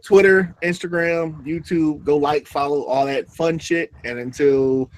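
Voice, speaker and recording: A man's voice: fairly high pitch, fairly even intonation, measured pace, dry recording. A young man co-hosting a casual livestream chat, swearing freely and laughing often. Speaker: livestream co-host.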